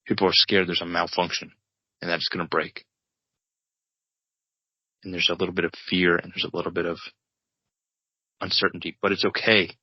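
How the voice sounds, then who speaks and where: A low-voiced man narrates a made-up film scene in a rambling, stop-and-start way and keeps correcting himself. The sound is dry and a bit dull, like a close podcast mic. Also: little pitch movement, no room sound. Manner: rambling, halting, self-interrupting narration. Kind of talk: improvised comedic table read.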